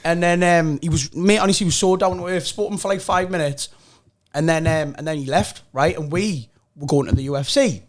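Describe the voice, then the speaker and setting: A young man with a Geordie accent, telling a story on a podcast in a casual, animated way, swearing often and acting out other people's lines. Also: on the high side, a little fast. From North East England.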